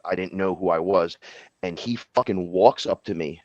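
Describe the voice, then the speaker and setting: A man's voice: low-pitched, normal speed, a little mellow, no echo, dull audio. A man chatting casually on a podcast, telling a long, rambling, profane story and acting out the voices he quotes. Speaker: podcast speaker.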